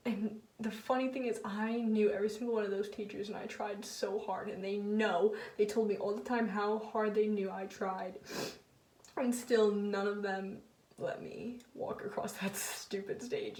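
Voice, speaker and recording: A teenage girl tells a hurtful story from her own life in a candid, emotional vlog voice. Her pitch sits in an ordinary middle range. The mic is set back, and the room around her echoes. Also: darkish tone. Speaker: vlogger. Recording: roomy sound, mic at a distance.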